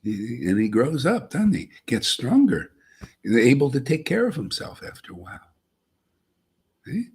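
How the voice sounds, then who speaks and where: Husky, lively man giving a spiritual talk. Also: mid-range voice, unhurried, long pauses. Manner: folksy and emphatic, frequent "see?" and "man", chuckles. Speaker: spiritual teacher. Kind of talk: informal spiritual talk to a group.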